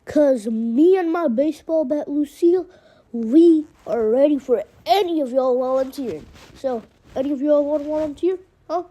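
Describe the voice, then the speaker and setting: A woman voicing a menacing male gang leader with a bat, taunting and sneering in a loud, mocking voice. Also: high voice, moderate pace, lightly acted.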